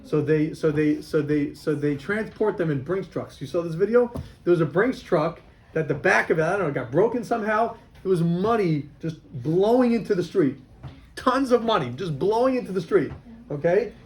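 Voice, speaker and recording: A man's voice: sits high, lively intonation, moderate pace. A man, a rabbi, teaching a class of boys and telling them a story, often repeating himself.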